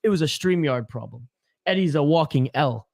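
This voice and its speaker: A man's voice: fairly high pitch, animated, moderate pace, gravelly, darkish tone, dry recording, studio quality. A man hosting a casual livestream, chatty and joking as he reads viewer comments aloud. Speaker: host of a hockey watch-along livestream.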